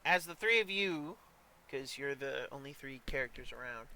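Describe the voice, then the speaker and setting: A man's voice: mid-range voice, moderate pace, low-quality recording. A man narrating a tabletop role-playing session as dungeon master, talking loosely with lots of ums and uhs. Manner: relaxed narration with many fillers.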